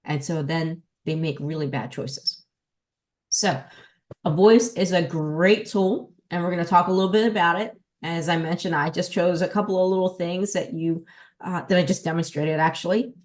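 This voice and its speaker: A woman with a New Jersey accent hosting a podcast as a dog trainer, explaining in an emphatic, lively teaching manner. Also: fairly low pitch, normal speed. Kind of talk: casual podcast talk.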